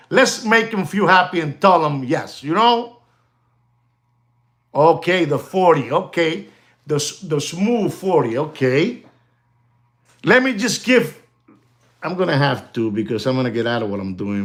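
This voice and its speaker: Excitable man chatting with livestream viewers. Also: on the high side. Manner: excitable, talks directly to chat, slips in Spanish words. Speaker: watch dealer hosting a live stream. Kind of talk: casual livestream chat with viewers.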